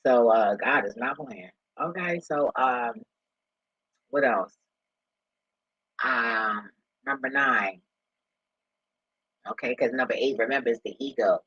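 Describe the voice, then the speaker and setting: A man's voice: mid-range voice, a bit bright, breathy edge, no room sound, muffled recording. A man ranting casually and profanely about church leaders, laughing and swearing freely. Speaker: commentator.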